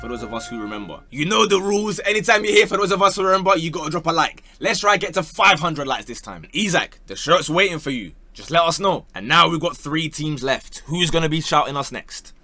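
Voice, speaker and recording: A man's voice: a little high, lively intonation, a little fast, hardly any pauses, sharp tone, faint music behind. A young man doing playful, slangy football talk for his channel, slipping into joke voices. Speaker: football YouTuber.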